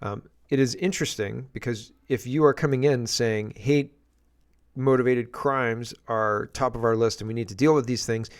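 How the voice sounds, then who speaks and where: Reacting to clips, a male host from England delivers sarcastic, exasperated political commentary in a casual style, wandering off into asides. His voice is medium in pitch.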